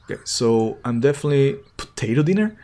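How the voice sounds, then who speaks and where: A man's voice: medium pitch, very animated, fast talker, warm tone. A man streaming a game, talking casually and playfully as he reacts to what happens. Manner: chatty and playful, reacting aloud as he plays. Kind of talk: casual gameplay commentary.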